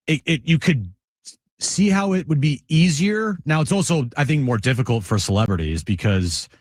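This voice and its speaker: A man co-hosting a sports talk show, telling relaxed stories in casual chat. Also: a little high, moderate pace, no room sound.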